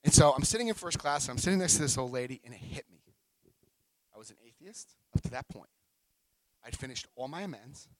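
A middle-aged man sharing his recovery story at a meeting, telling it in an emotional, animated way. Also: mid-range voice, fairly quick, dry recording, poor audio.

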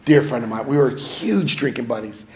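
A middle-aged man sharing his story sounds animated and a little mellow at medium pitch, speaking at a moderate pace. He's casual and self-mocking, acting out people's words, and the low-quality recording has slight background noise.

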